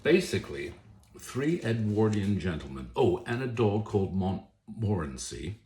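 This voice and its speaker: Deep-voiced chatty man author. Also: big pitch swings, a little slow, a little mellow. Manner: chatty, rambling, self-correcting. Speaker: author reviewing a book. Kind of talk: casual book talk to camera. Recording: echoey room, faint noise.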